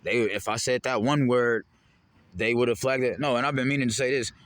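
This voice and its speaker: A man's voice: mid-range voice, steady tone, brisk, a bit bright, dry recording. A man in a heated, rambling, profane monologue to the camera. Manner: heated, rambling, profane, jumping between topics. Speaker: vlogger.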